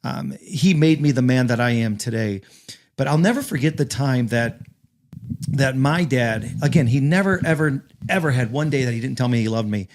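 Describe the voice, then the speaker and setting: An earnest man in a casual roundtable conversation. He talks at a middling pitch and repeats his words when a point matters to him. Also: lively intonation, normal speed, a little mellow.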